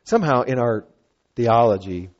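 A man preaching a sermon as a pastor, conversational and animated, with playful asides and acted-out quotes. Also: medium pitch, normal speed, lo-fi sound.

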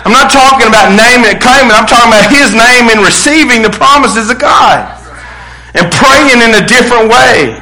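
Man, pastor, sermon, middle-aged, high bright voice, animated preaching, bursts of shouting. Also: normal speed, rough recording.

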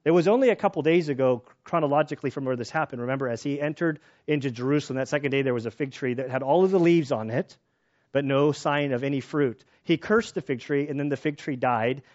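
A man preaching a sermon in a casual, conversational way, telling personal stories and getting animated when excited. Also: medium pitch, fast, muffled recording. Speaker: pastor.

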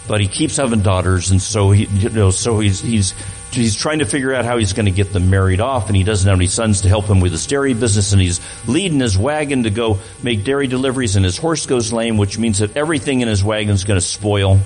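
A man's voice: lowish voice, fairly quick, darkish tone, faint music behind, poor audio. Man giving a guest talk in church. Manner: conversational, repeats words while restarting. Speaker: guest speaker.

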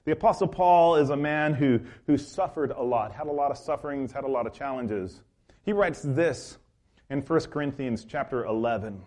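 A man's voice: medium pitch, moderate pace, darkish tone. A man preaching a sermon as pastor, telling a story with many fillers and restarts.

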